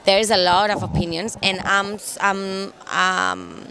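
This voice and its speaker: Singer, halting English. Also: female voice, mid-range voice, fairly even intonation, creaky, pushed and bright, soft background music. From Cuba. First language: Spanish. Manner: halting English, searching for words, playful. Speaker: singer, interview guest. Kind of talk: casual interview chat.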